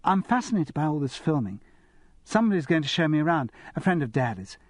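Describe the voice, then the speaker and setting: A man's voice: a little high, sing-song, quick pace, no echo, voice pushed up. A man voicing a giggly posh English schoolgirl. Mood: chatty. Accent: English public school. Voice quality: bright and girlish. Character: young posh English girl, giggly, eager.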